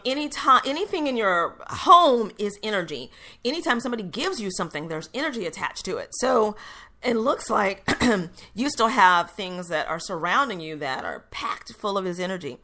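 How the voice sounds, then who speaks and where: A woman's voice: mid-range voice, pushed and bright. A woman hosting her own radio show, chatting casually and upbeat with plenty of fillers, answering listeners' questions with readings. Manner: chatty, upbeat, frequent fillers and self-corrections. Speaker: radio show host and intuitive reader. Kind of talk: casual solo radio talk.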